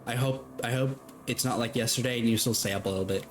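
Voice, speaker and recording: A man's voice: mid-range voice, fast talker, soft background music. A man streaming a game, chatting casually with his viewers and reading the game's lines aloud. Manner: chatty, laughs, talks to chat.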